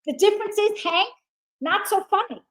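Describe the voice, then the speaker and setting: A woman guest in casual chat, loud and swearing, telling a story with acted quotes. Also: very high voice, animated, moderate pace, rough recording.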